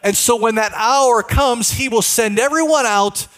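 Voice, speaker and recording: A man's voice: very high voice, a little slow, fairly bright tone. A male pastor preaching a sermon in a conversational way, often putting questions to the congregation.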